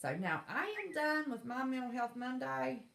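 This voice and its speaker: A middle-aged woman with a twang chats on a livestream in a folksy, blunt manner. Her voice sits a little high and swings widely up and down. The sound is echoey, as if in a bare room. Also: expressive, moderate pace, gravelly, a bit bright. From West Virginia. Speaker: livestream host. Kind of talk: casual live chat rant.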